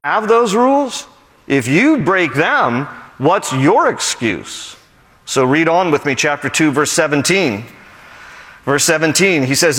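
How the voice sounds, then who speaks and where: A man's voice: a little high, lively intonation, takes it slowly, fairly bright tone, big-room sound. A man teaching a Bible passage as a pastor, conversational and earnest, building to emphatic points.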